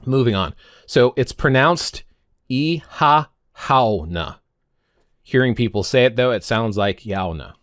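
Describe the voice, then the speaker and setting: In a casual vlog, a pagan man in his fifties rambles to camera, stumbling on words and frequently correcting himself. His voice is medium in pitch at a moderate pace, recorded dry with clean studio sound.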